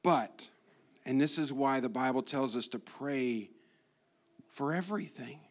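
A man serves as guest preacher for a sermon, moving between hushed asides and loud emphasis and mixing in playful humor. His voice is medium in pitch and his pace is unhurried.

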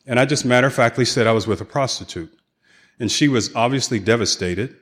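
A man's voice: mid-range voice, brisk, fairly bright tone. A man giving a keynote talk at a recovery conference, earnestly telling his own story and acting out the conversations in it. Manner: earnest storytelling, acts out quoted dialogue. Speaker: keynote speaker. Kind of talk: personal recovery testimony. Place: conference hall with audience.

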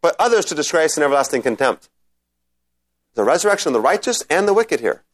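Male scripture lecturer, a bit high-voiced, conversational, takes class questions. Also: sing-song, quick pace. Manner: conversational, checks in with "right?"; reads scripture aloud, then explains. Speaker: Bible teacher. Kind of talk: informal lecture with Q&A.

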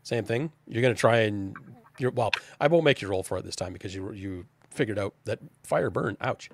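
A man's voice: lowish voice, lively intonation, brisk, vocal fry. A man narrating as game master of a tabletop role-playing game, casual and chatty, often restarting his sentences.

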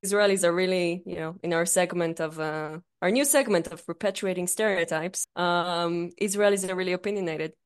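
A young woman co-hosting a podcast, with a voice that sits a little low. She tells stories in a loose, casual way. She swears freely and laughs often. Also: fairly even intonation, fairly quick, hardly any pauses, clean tone. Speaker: podcast co-host. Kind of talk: casual chat.

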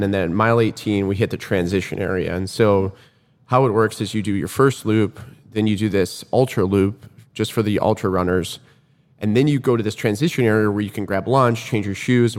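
A man's voice: fairly low pitch, fairly quick. A man casually retelling a race to a friend, acting out what people said. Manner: animated retelling, acts out quoted lines. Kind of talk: casual storytelling chat. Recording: room with long reverb.

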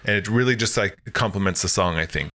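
A man with a fairly low, bright voice co-hosts a casual music podcast. His sound is dry and close, and he talks about the songs in a relaxed, appreciative way. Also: fast, no echo. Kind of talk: casual music-talk chat.

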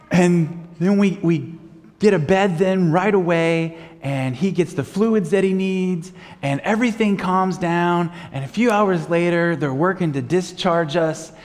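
A man preaching a sermon, telling a story with casual fillers and then building to fervent, emphatic preaching. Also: fairly high pitch. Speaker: pastor. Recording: long hall reverb.

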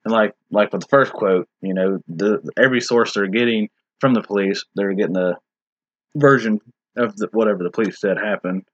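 A man's voice: lowish voice, fairly quick, no echo, muffled recording. A man in a casual discussion, talking in a rambling, hesitant way with many restarts and filler words.

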